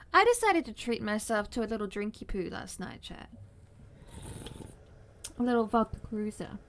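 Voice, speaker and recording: A woman's voice: mid-range voice, a bit bright, slight background noise. A young woman livestreamer chatting casually with her viewers from her desk at home, playful and giggly, with cutesy baby-talk phrasing. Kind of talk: casual chat with stream viewers.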